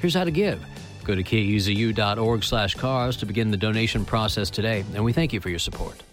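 Guy doing radio station breaks, lowish voice, smooth, bit of music behind. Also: animated, a little fast. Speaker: station announcer.

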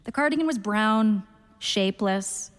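A woman in her thirties reading a literary story aloud in a dry, deadpan first-person voice. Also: mid-range voice, normal speed, in a large hall. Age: 30s. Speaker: narrator, reader.

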